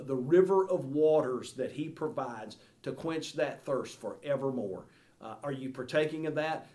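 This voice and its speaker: A man's voice: medium pitch, darkish tone. A man teaching a Bible study like a sermon, earnest and pleading, often repeating words and saying "uh". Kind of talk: sermon-style Bible lesson.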